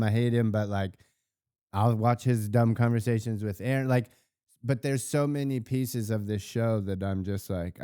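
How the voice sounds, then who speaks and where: A man's voice: lowish voice, smooth, dry recording, studio quality. A man co-hosting a podcast, ranting bluntly and profanely in casual chat about a reality show. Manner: blunt, profane, animated rants. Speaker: podcast co-host.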